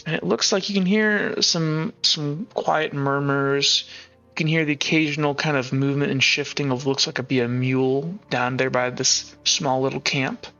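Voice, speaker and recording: A man's voice: mid-range voice, steady tone, normal speed, sharp tone, dull audio, soft background music. A man running a tabletop game as game master, narrating casually with lots of filler words.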